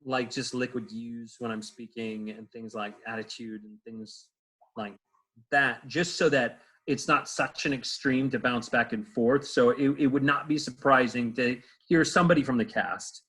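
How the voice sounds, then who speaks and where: A man's voice: medium pitch, unhurried, a bit bright, poor audio. A man, a stage actor, answering interview questions in a casual, rambling way, full of fillers and restarts, over a video call.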